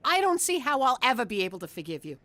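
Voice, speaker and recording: A woman voicing a fed-up, hurt mobster's wife in an animated series, scolding in a bitter way. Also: fairly high pitch, quick pace, no echo. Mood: cold.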